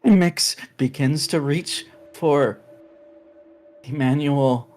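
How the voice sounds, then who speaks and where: Slow halting tabletop player narrating. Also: mid-range voice, darkish tone, soft background music. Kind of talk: narrating own character's actions.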